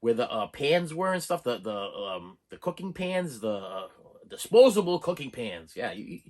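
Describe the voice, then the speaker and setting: A man's voice: medium pitch, very animated, normal speed, a little mellow. Rambling, stammering middle-aged man. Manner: rambling and stammering, with many restarts and chuckles. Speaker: channel host reviewing a movie haul. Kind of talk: casual chat to camera.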